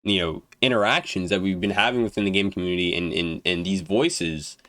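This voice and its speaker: Young guy ranting about games, cussing a lot, tripping over his words, throat getting dry, low pitch, dead dry mic. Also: fairly even intonation, a little fast, bright, forceful tone, dry recording. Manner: blunt, profane, repeats and restarts words. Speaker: gaming YouTuber. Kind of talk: unedited rant to camera.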